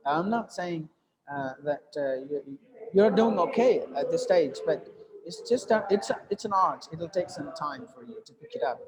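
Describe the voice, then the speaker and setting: A man's voice: fairly high pitch, expressive, moderate pace, background noise. A man with an Indian English accent teaching an English reading class, patiently correcting a student and modeling sentences aloud. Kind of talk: live online reading class.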